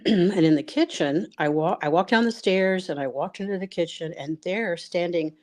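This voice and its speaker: Low-voiced woman telling a personal story. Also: a little mellow. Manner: rambling, halting, full of fillers and restarts.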